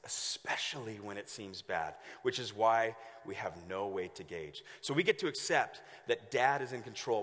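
High, bright-voiced man preaching a sermon. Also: long reverb tail. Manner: animated storytelling with acted-out voices. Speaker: pastor.

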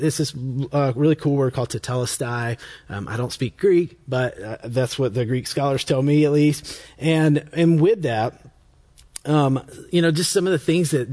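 Male pastor, mid-pitched, chatty sermon delivery with restarts, slower and softer on scripture readings. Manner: conversational, self-correcting, with frequent restarts and fillers; reads scripture aloud in a slower, quieter voice.

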